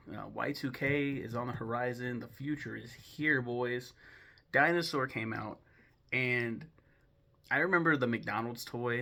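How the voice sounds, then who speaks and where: A man's voice: mid-range voice, creaky, pushed and bright. A young man hosting a film-ranking video, rambling casually with lots of swearing, fillers and restarts. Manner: loose, profane, rambling with many fillers and restarts. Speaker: video host ranking films. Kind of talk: casual commentary.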